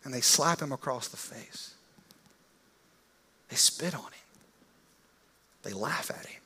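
A man's voice: medium pitch, lively intonation, takes it slowly, bright, forceful tone, breathy edge. A man preaching a sermon, retelling a story in a casual, vivid, conversational way. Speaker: pastor.

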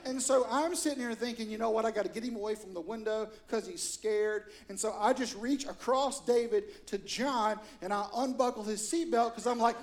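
A middle-aged pastor preaches a storytelling sermon in a church at a moderate pace. He's animated and acts out quotes with sudden loud, high bursts.

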